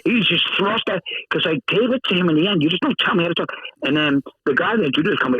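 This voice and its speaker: A man telling a story in casual podcast chat, lively and acting out the voices of the people he quotes. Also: high voice, fast talker, breathy edge, no room sound. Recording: dull, dry podcast audio.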